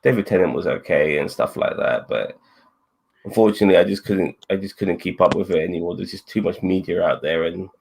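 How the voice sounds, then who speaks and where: A man's voice: low voice, a little fast, gravelly, a little mellow, husky. A man in casual chat, talking loosely and hesitantly with many fillers.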